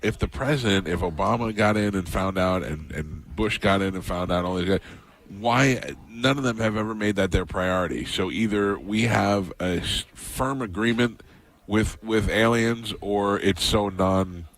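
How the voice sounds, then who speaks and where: A man's voice: lowish voice, normal speed, fairly bright tone. A man hosting a radio talk show, chatting loosely in a rambling way and often restarting his sentences. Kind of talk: casual radio talk during a charity radiothon.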